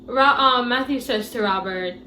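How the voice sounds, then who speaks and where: A woman giving a casual movie review, retelling scenes in an animated, incredulous way. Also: a little high, normal speed, roomy sound, a little hiss or hum, low-quality recording.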